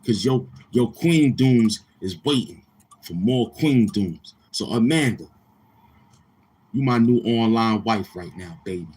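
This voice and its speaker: A livestream host with a lowish, slightly rough and a little mellow male voice speaks slowly but animatedly. He chats casually with viewers, boastful, crude and repetitive.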